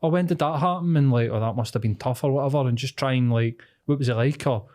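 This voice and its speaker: A man's voice: mid-range voice, fairly even intonation, fast, warm tone. A man, a podcast host, musing in rambling casual chat full of filler words.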